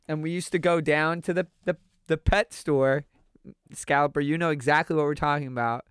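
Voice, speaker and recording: Animated young man telling a story, crisp voice. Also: a little high, moderate pace, no room sound, studio quality. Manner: animated, full of "like", acts out quotes and laughs while telling. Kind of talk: casual storytelling with a friend.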